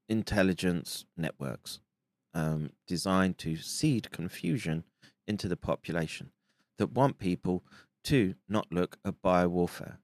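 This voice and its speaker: Brief: deep-voiced male commentator, halting delivery, dry close sound. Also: dry recording. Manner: halting, with fillers and restarts. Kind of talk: monologue commentary.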